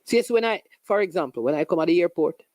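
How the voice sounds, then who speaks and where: A host with a Jamaican accent giving an animated, sarcastic casual commentary monologue with local phrases. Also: mid-range voice, quick pace, dry recording.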